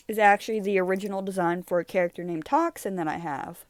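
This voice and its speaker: A woman's voice: mid-range voice, fast talker. A young woman casually chatting as she goes through her old drawings, rambling, giggling and easily sidetracked. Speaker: YouTuber reviewing her own drawings. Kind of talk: casual chat.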